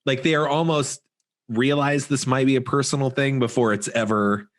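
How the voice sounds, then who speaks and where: Male co-host, mid-pitched, easygoing rambling film recap. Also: moderate pace. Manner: relaxed, rambling recaps with filler words. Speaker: podcast co-host. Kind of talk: casual chat about a horror film.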